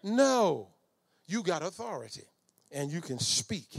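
A middle-aged man preaching a storytelling sermon, swinging from low asides to shouted commands. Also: very animated, measured pace, vocal fry, no room sound. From Southern United States.

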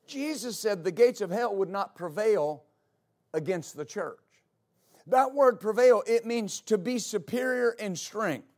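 A male pastor preaching a sermon in church, repeating key phrases and building to emphatic peaks. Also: high voice.

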